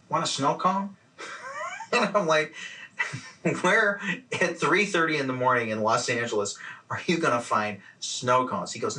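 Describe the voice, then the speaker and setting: A man's voice: mid-range voice, pushed and bright, distant mic. Amused man recounting a late-night story. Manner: amused, acts out quoted lines. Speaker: interviewee, friend. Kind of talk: anecdotal storytelling.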